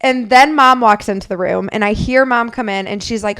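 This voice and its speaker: A woman co-hosting a podcast, telling a lively story and acting out the quotes of others. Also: fairly high pitch, a little fast, clean tone. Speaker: podcast co-host. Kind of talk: casual storytelling chat.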